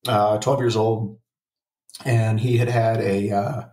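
A man's voice: on the low side, little pitch movement, slow, a little mellow, reverberant, distant mic. A man in his forties telling a rambling, profane story in a casual podcast chat. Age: 40s. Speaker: podcast co-host.

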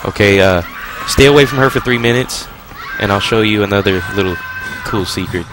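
Crude, joking man with a deep voice. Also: normal speed, background noise. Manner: crude, joking, talks back to the game. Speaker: gaming commentator. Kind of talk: casual walkthrough commentary. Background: game music.

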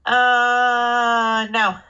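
A woman's voice: on the high side, little pitch movement, extremely slow, pushed and bright, smooth, highs cut off. A woman chatting off-mic with her son, giving brief, dry replies. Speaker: streamer's mother. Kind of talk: casual chat off-mic.

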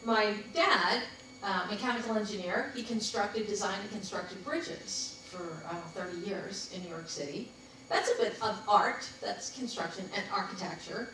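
With a fairly bright, mid-range voice and a moderate pace, a workshop leader tells stories, laughs frequently and asks the group for discussion. It's a casual, chatty session in a meeting room. The audio has heavy room echo, distant miking and a faint background hiss.

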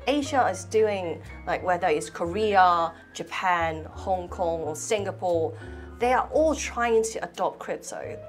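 A woman's voice: lowish voice, expressive, unhurried, faint music behind. A woman hosting a casual interview, her voice nasal from a flu, asking questions in a friendly, inquisitive way. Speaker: host.

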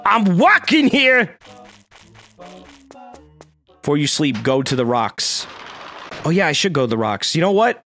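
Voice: medium pitch, expressive, normal speed, faint music behind. A game streamer giving casual, joking play-by-play and reading the game's dialogue aloud, swearing freely. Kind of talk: casual let's-play commentary.

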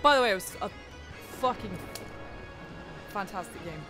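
A young woman commentating a racing game casually, swearing often and yelling at other racers. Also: mid-range voice, animated, normal speed. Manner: swears a lot, yells and wails at the game. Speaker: gaming YouTuber. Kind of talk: casual let's-play commentary. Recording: game music behind the voice.

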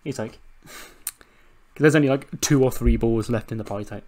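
A man narrates a game with casual, fast storytelling. He swears freely and laughs along. His voice sits at a middling pitch. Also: dark tone. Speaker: gaming channel host. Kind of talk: casual let's-play narration.

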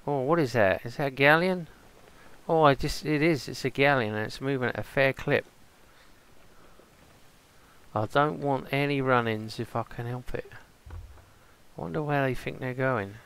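A man's voice: medium pitch, measured pace, a bit bright, smooth. A man playing an easygoing male pirate in a game role-play stream, rambling and musing aloud to himself. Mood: relaxed.

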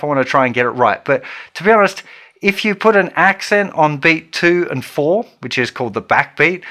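A man teaching a guitar lesson in a relaxed, chatty way, counting beats aloud as he plays. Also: mid-range voice. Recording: loud guitar under the voice. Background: electric guitar playing.

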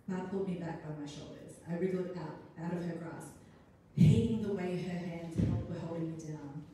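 A woman's voice: lowish voice, moderate pace. A woman, a writer, reading her own story aloud expressively at a live arts event. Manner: expressive, first-person storytelling. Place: arts centre event room. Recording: echoey room, distant mic, faint noise.

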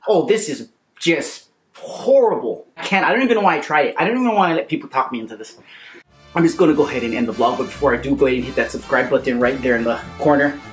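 A man doing a casual food-challenge vlog at home, speaking bluntly to the camera and swearing freely. His voice has a mid pitch. The sound bounces around an echoey kitchen. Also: lively intonation, racing, faint music behind. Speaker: vlogger. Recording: echoey room.

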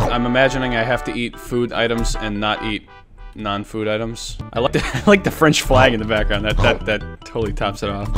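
A young man streaming a game, jumping from mutters to excited shouts as he plays. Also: mid-range voice. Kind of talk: excitable let's-play commentary. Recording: game music under the voice. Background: game music.

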